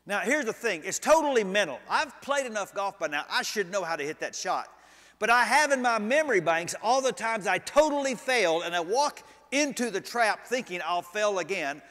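A male preacher telling a story in a sermon, animated and humorous. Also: high voice, long reverb tail. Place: church sanctuary.

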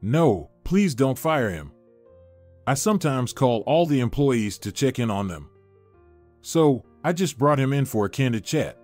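A man voicing an anxious, guarded wealthy wife in a narrated story, read in a measured, musing way. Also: medium pitch, sing-song, a little mellow, soft background music.

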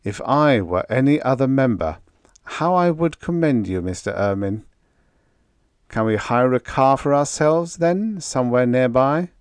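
An audiobook narrator voicing Solonar, a hard, ruthless businessman who speaks in a crisp and curt way. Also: medium pitch, animated, unhurried, a little mellow, no echo, studio quality, voice pushed up, close to an everyday voice. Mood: quiet, pressing.

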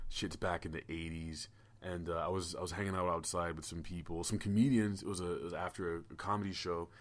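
A man hosting a casual podcast, telling stories in a rambling way with stammered restarts and swearing. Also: sits low. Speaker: podcast host. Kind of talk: casual podcast chat and storytelling.

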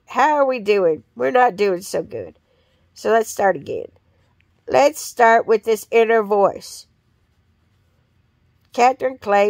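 Woman, rambling monologue, profane and blunt, slow unhurried delivery, dry close sound. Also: medium pitch, creaky, a little mellow, dry recording.

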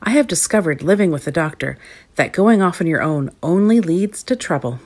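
A woman voicing a sharp-tongued, sarcastic young woman in a read-aloud storybook. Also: fairly low pitch, animated, normal speed. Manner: mocking, sarcastic.

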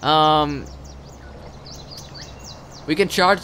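A young man commentates on gameplay live, excitable and swearing a lot as he swings between loud outbursts and muttered asides. His voice sits at a medium pitch and his pace is unhurried.

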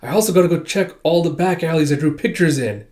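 A man's voice: a little high, fast talker, a little mellow, voice pushed up, natural voice. A man voicing a frantic young boy who is urgently searching for his friend while reading a comic aloud. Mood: anxious.

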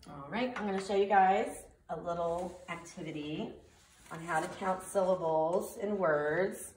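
A preschool teacher talking slowly and clearly to small children, in a sing-song manner, during a remote circle time lesson and story read-aloud. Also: female voice, on the low side, a little mellow, reverberant, distant mic, a little hiss or hum.

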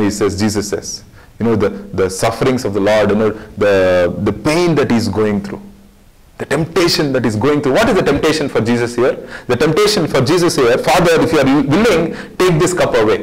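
A man's voice: mid-range voice, animated, moderate pace, poor audio. A man teaching a Bible study sermon in an earnest way, repeating phrases for emphasis.

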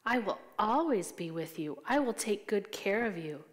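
A woman voicing God in a children's Bible story, softly and slowly comforting. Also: mid-range voice, lively intonation, big-room sound, close to an everyday voice. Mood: reassuring. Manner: soft, slow and comforting. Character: God, calm reassuring male voice.

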